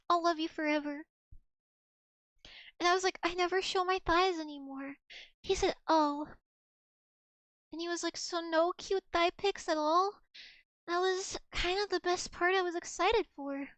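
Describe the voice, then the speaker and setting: A young woman streaming, chatting in a giggly, mock-dramatic way. Her voice sits very high, and the sound is dry and close with no room around it. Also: fairly bright tone, no echo. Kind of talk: casual chat reading old messages to chat.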